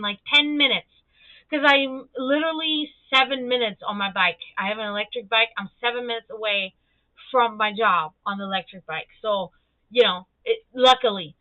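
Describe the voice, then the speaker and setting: A woman hosting a livestream, telling stories in casual chat, animated and swearing freely, acting out the people she quotes. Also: no room sound. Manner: animated, swearing, acts out quoted people with high jumps in pitch. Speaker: livestream host. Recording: dry tinny phone-like sound.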